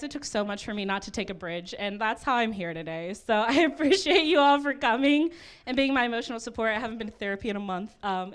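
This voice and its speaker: A woman's voice: medium pitch, clear, resonant tone. A woman performing a chatty, self-deprecating stand-up set. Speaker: stand-up comedian.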